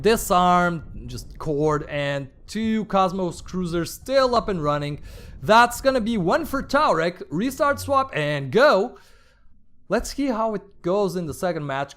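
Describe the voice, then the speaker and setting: High-voiced chatty male game commentator. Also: a bit bright. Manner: chatty and rambling, with playful asides and exclamations. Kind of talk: live play-by-play commentary.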